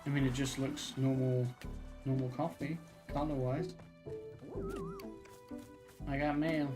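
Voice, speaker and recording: A man's voice: medium pitch, slow. A laid-back male streamer in an easy mid-range voice. He talks to the game as he plays and reads its text aloud. Game music plays throughout. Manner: relaxed, chatty, talks to the game. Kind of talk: casual gameplay commentary and reading aloud.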